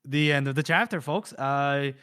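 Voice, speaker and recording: A man co-hosting a book podcast, retelling a chapter in an animated, casual way with swearing and laughter. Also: mid-range voice, moderate pace, a little hiss or hum. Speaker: podcast co-host. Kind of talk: casual book-discussion chat.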